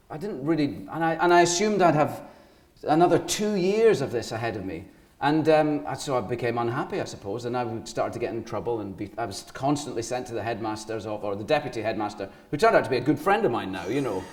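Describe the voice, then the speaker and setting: A man's voice: medium pitch, fairly quick, echoey room. A Scottish man in his forties, a guest actor telling rambling anecdotes on stage in an interview before a live audience. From Scotland. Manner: animated rambling anecdotes with laughter.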